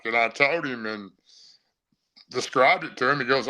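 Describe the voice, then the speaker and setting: A middle-aged man guests on a podcast and tells his story in a rambling, first-person way. His voice is bright and forward, at a middle pitch. The delivery is vivid and unpolished. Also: normal speed, rough recording. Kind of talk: casual storytelling.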